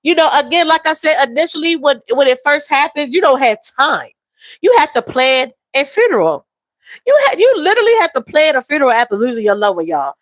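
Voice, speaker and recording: A woman's voice: sits high, big pitch swings, a little fast, no echo, poor audio. A woman, talking openly and emotionally while reading out viewer comments. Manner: emotional, reads viewer comments aloud, drawls. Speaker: livestream host. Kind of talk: casual live-stream chat.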